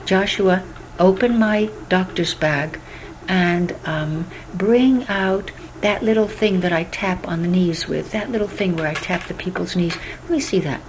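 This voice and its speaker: A woman's voice: fairly low pitch, a little hiss or hum, rough recording. A woman doing a kindly grandfather doctor. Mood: thoughtful. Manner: measured and professional.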